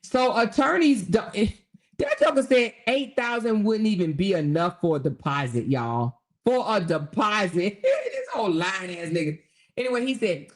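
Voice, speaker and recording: A woman hosting a casual commentary livestream in a mid-pitched voice. She laughs through her talk, sounds stunned and mocking, and keeps turning to her viewers. She also works out sums and reads things aloud as she goes. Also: expressive, moderate pace. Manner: laughing often, incredulous, mocking, talks to viewers directly; does sums and reads aloud while talking. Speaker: livestream host.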